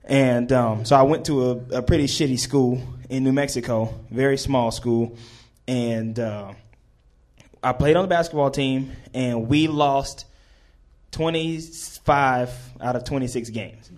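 A man's voice: medium pitch, unhurried, a little mellow. A man in his twenties telling a comedic story on stage, rambling and correcting himself with chuckles.

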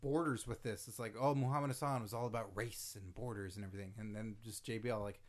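A man co-hosting a casual podcast, joking and playful with deadpan asides. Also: fairly low pitch, fast. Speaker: podcast co-host. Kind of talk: casual chat.

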